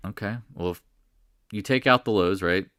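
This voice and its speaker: A stock market livestream host leads a live market chat, speaking casually and emphatically, repeating his points and rambling between thoughts. His low voice is bright, forceful, and smooth at normal speed, with a dry, clean studio sound.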